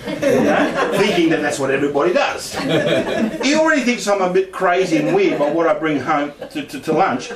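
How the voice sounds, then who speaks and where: A man's voice: fairly high pitch, lively intonation, moderate pace, crowd noise. A middle-aged man telling a personal story in a casual way, laughing often and acting out the voices he quotes. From Australia. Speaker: speaker sharing paranormal experiences. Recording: echoey room, distant mic, faint noise.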